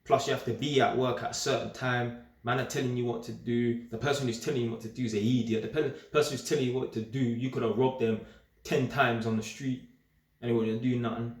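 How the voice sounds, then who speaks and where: A young man speaks in a casual, streetwise monologue full of slang. He is animated and emphatic, with a middle-pitched voice. The sound carries a roomy echo. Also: fairly quick. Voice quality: streetwise slang-heavy talk. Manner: animated, emphatic, repeats himself. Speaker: vlogger. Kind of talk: casual straight-talking monologue.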